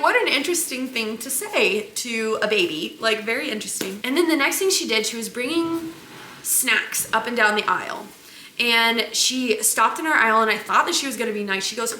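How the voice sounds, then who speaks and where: A young woman vlogger telling a family travel story in a chatty, animated way, full of "like". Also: fairly high pitch, normal speed. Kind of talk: casual storytelling chat. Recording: echoey room, faint noise.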